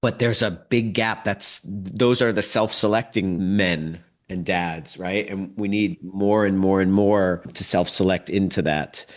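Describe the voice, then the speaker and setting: A middle-aged man, a guest on a podcast, talking in a casual interview and telling lively stories, often adding "like" and "right?". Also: low voice, a little slow, hardly any pauses. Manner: animated storyteller with frequent "like" and "right?". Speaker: podcast guest, dads' program leader. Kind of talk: conversational interview.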